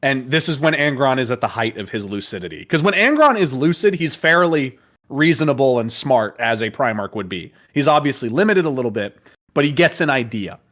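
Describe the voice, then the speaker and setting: Laughing, animated male storyteller. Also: medium pitch, brisk. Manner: animated, laughs often, profane. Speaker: host. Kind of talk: casual lore storytelling chat.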